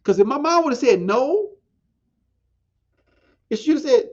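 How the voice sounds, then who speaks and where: A man's voice: very high-pitched, big pitch swings, a little slow, long pauses, muffled recording. A man, a podcast guest telling a story in casual talk, often restarting and repeating phrases.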